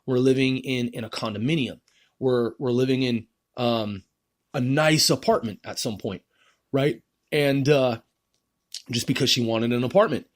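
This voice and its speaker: A man's voice: medium pitch, fairly even intonation, no room sound. A man in his forties rambling through a casual solo podcast monologue, profane and peppered with "man" and "bro". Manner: rambling and profane, fills every pause with "man". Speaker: podcast host.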